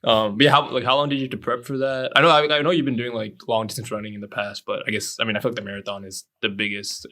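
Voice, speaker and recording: A young man co-hosting a podcast, teasing the others in quick banter and laughing often. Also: medium pitch, steady tone, bright, forceful tone. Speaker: podcast co-host. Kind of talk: casual chat.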